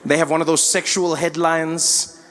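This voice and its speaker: A man from South Africa with a South African accent, doing stand-up comedy with animated storytelling on a stage mic. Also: fairly high pitch, moderate pace. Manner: animated storytelling, shifts into character voices. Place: comedy stage before a live audience.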